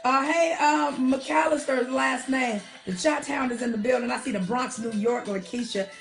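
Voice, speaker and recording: With a high voice, some vocal fry and a normal pace, this woman runs a casual livestream, reading out viewer shout-outs. She's affectionate with her audience, using darling, honey and plenty of y'all, and faint R&B music drifts in the background.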